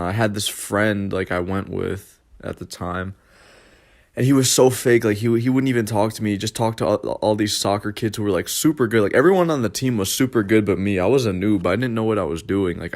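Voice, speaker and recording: A young man with a lowish voice rambles through a casual storytime for his vlog. He leans on constant fillers and curses freely, drifting from point to point. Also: a little fast. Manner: rambling, filler-heavy, profane. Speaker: vlogger.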